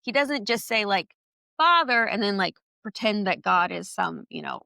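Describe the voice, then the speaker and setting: A woman's voice: medium pitch, moderate pace, vocal fry, pushed and bright, dry recording, clean studio sound. A woman co-hosting a conversational Bible study podcast, speaking in an enthusiastic, affirming, chatty way. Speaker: podcast co-host.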